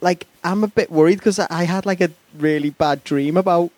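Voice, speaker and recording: A man's voice: sits high, a little mellow, dry recording. Playful young male radio co-host. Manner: playful, joking, quick to laugh. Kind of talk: casual comedic radio chat. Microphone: studio mic. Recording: dry studio sound.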